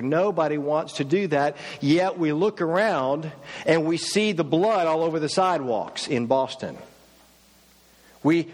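A male pastor delivering a sermon, asking one rhetorical question after another with rising emphasis. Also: on the high side. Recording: long hall reverb.

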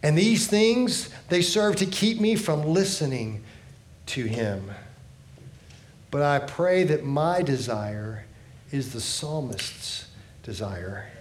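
A man preaching a sermon with earnest delivery, often dropping low and soft at the ends of phrases. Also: lively intonation, slow, echoey room, a little hiss or hum. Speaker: pastor.

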